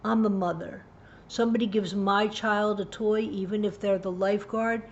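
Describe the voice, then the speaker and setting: Woman, earnest storyteller, mid pitch, dull lo-fi sound, faint hiss. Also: steady tone, moderate pace. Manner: earnest, vivid retelling with hushed low passages. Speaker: parenting tips host. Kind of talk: personal story told to camera.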